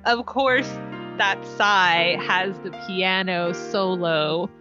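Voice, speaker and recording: A woman co-hosting a casual chat, excitedly recapping a TV episode and gushing over its romance. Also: fairly low pitch, very slow, over music. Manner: gushing, excitable, swoons aloud. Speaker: podcast co-host. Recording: dull, muffled dry sound.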